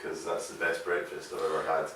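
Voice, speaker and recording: Very low-voiced man, halting and laughing. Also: completely flat delivery. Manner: halting, stumbling starts, laughs often. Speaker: band member, guest. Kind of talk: casual interview chat. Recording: echoey room, distant mic, faint noise.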